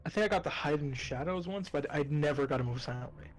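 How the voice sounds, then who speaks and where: A man's voice: fairly high pitch, fast, rough recording. A man playing in a tabletop game, chatting casually, grumbling and swearing at his results. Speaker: player. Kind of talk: tabletop game session chat.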